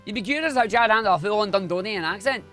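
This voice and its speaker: A man's voice: sits high, fast talker, sharp tone, soft background music. A Scottish man from Scotland, a streamer chatting casually and slangily while he speedruns. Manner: chatty and slangy, rambling asides.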